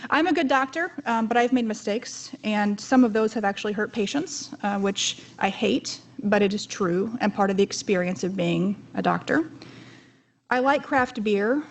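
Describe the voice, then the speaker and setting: A woman's voice: medium pitch, normal speed, a little hiss or hum. A woman in her thirties giving a conference keynote talk in a chatty, joking, self-deprecating way. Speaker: keynote speaker.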